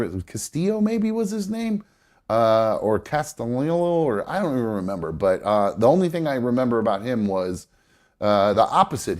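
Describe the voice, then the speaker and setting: On a live show, a man with a plugged-up nose talks baseball in a casual, rambling manner, often restarting and correcting himself amid lots of fillers. His voice is medium in pitch and leans dark.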